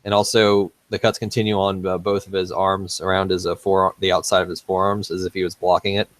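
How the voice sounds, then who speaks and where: Low-voiced matter-of-fact man player. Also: little pitch movement, fairly quick, no room sound. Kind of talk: casual tabletop play.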